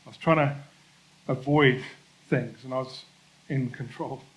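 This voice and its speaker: A man preaching a church sermon in a conversational, self-deprecating way, slowing down to stress key points. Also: mid-range voice, fairly even intonation, poor audio. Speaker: pastor.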